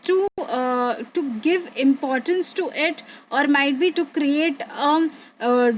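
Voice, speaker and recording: A woman's voice: high-pitched, slow, slight background noise. A woman teaching a revision lesson, explaining step by step with many fillers and repeated words.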